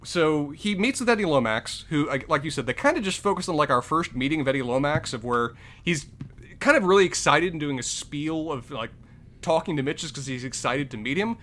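A man's voice: a little high, animated, brisk, fairly bright tone. A man co-hosting a casual film review podcast, talking in long, detailed run-on points. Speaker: podcast co-host.

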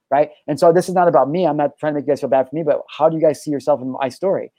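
A man's voice: on the high side, fast talker, few pauses, mellow, no room sound, rough recording. A man hosting a talk show and coaching listeners in an intense, profane, preachy monologue. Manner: intense, swears freely, preachy. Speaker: podcast host and life coach.

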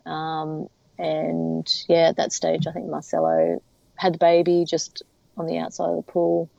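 Deep, gravelly and mellow, this woman's voice moves at a measured pace as she chats through her story as an interview guest, often using fillers and starting over. The audio has no echo but sounds dull and lo-fi.

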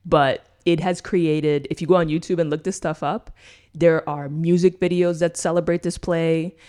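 Animated profane woman retelling a story. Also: low voice, moderate pace, clean tone. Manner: profane, animated retelling, tags "right?" on nearly every point. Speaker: podcast co-host. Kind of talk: casual storytelling chat.

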